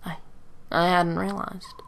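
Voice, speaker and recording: A woman's voice: fairly low pitch, level tone, slow, vocal fry, slight background noise. Brief: earnest plain-spoken young male mercenary leader, voiced by a woman.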